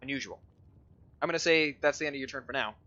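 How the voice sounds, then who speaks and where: A man's voice: mid-range voice, quick pace, sharp tone, lo-fi sound. A man running a tabletop game as dungeon master, describing scenes in a rambling, hesitant way with many fillers.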